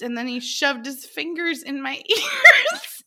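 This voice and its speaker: A woman's voice: high-pitched, sing-song, a little slow, bright, forceful tone. A woman co-hosting a podcast, retelling an awkward story with laughter and exasperation. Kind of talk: casual storytelling chat.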